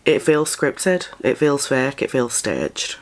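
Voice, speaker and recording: A woman's voice: a bass voice, sing-song, slow pace. A woman commentator reacts to a clip with blunt, critical remarks.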